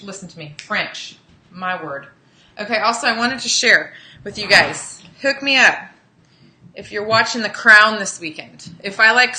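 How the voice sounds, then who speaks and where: A woman's voice: mid-range voice, pushed and bright, roomy sound, a little hiss or hum, rough recording. A woman hosting a casual live cooking demo, chatting with viewers as she cooks in a home kitchen. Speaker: cooking show host.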